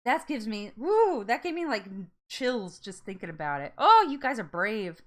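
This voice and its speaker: A woman hosting a casual live-stream chat, bubbly and chatty, laughing often and reacting out loud to viewer comments. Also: on the high side, sing-song, moderate pace.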